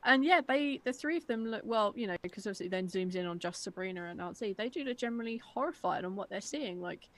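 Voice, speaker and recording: A woman's voice: medium pitch, expressive, quick pace, hardly any pauses, a bit bright, poor audio. A woman co-hosting a casual podcast, rambling through a critique of an episode and filling her talk with "like". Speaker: podcast co-host.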